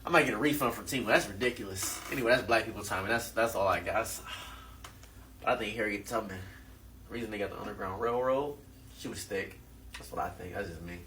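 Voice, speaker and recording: A man's voice: lowish voice, brisk, pushed and bright, slight background noise. A man delivering a casual comedic monologue with offhand, rambling asides.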